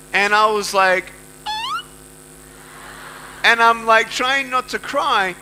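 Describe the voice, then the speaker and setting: Man with an Australian accent, motivational speaker, high voice, slow deliberate delivery, faint hum behind. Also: bright, forceful tone, low-quality recording. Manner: emphatic, repeats lines for effect, acts out quoted voices. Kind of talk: motivational speech to a live audience.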